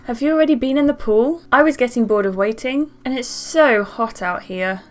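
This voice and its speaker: Young girl reading out a dating game, kinda high voice, gets excited, quiet music playing behind. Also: normal speed. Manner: reads game dialogue aloud in an animated way, with excited asides. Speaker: gaming YouTuber. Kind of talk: reading a story game aloud with commentary.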